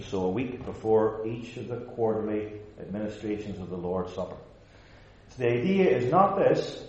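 A man's voice: on the low side, darkish tone. A man preaching a sermon as pastor, emphatic, building his points with rhetorical repetition. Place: church sanctuary. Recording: roomy, dull lo-fi recording.

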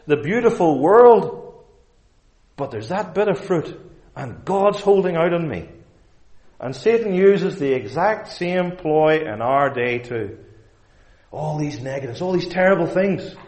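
A man's voice: sits high, animated, a little slow, pauses often, darkish tone. A man preaching a sermon in a church, emphatic and fond of rhetorical questions. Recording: echoey room.

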